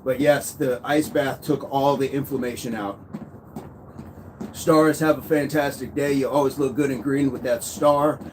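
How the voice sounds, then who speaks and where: The speaker is a fitness livestream host, a man in his thirties, reading out viewer comments in a lively, talkative way while on a walking pad. His mid-range voice holds a steady tone at a slightly slow pace. The clip carries faint background noise.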